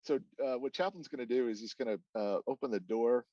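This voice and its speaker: A man's voice: medium pitch, a little fast, mellow, no room sound, far from the mic. Male player, laid-back, heard off-mic over a muffled line. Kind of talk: tabletop game chat.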